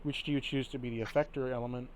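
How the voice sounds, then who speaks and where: A man running a tabletop game as game master, making quick, casual rulings. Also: mid-range voice, steady tone.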